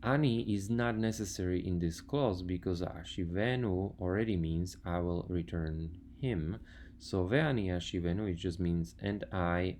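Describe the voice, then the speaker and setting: A man's voice: deep voice, a little mellow, slight background noise. A man teaching a language lesson, patiently listing words one by one and explaining grammar step by step. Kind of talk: slide lecture on grammar.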